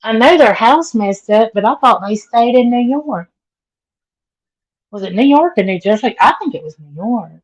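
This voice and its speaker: A woman's voice: fairly high pitch, lively intonation, moderate pace, low-quality recording. A middle-aged woman with a Southern accent, chatting casually with live viewers and greeting them by name. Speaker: vlogger.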